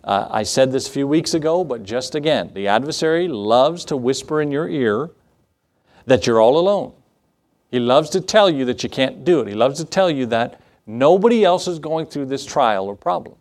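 A man's voice: mid-range voice, lively intonation, normal speed, darkish tone. A pastor giving a sermon to his church, talking with them rather than at them. He often laughs and acts out little asides as he goes. His voice sits right in the middle range for a man. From United States. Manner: conversational, with laughs and acted asides.

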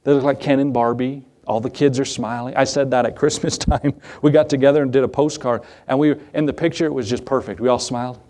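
A man preaching a sermon as pastor, emphatic, repeating key phrases and asking rhetorical questions, moving between raised passages and quiet asides. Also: medium pitch, fairly even intonation, fairly quick, hardly any pauses.

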